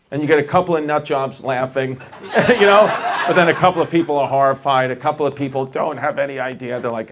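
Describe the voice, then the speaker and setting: A man's voice: mid-range voice, noisy background. A male stand-up comedian doing rambling, self-mocking crowd work on a club stage. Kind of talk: stand-up set. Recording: audience laughter throughout.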